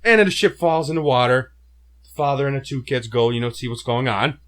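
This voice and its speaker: A man's voice: medium pitch, brisk, fairly bright tone. A man co-hosting a casual movie review, retelling the plot with mouth sound effects and stumbling restarts. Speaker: co-host of a movie review show.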